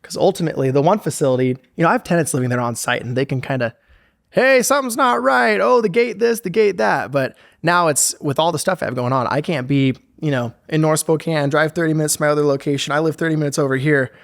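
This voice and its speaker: A man's voice: on the high side, quick pace, hardly any pauses, dry recording, studio quality. Upbeat young man guesting on a podcast. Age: 20s. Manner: upbeat, animated storyteller who acts out quotes. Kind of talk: conversational interview.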